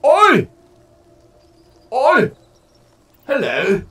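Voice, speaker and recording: A man putting on a brash, exaggerated British voice as a shouty caricature. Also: extremely high pitch, huge pitch swings, very slow, voice pushed up, exaggerated voice. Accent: put-on British. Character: loud mock British man, cheeky and brash.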